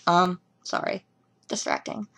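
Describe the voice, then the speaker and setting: A young woman casually reviewing a TV episode at home, rambling and giggling through animated asides. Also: on the low side, measured pace, vocal fry, whispered.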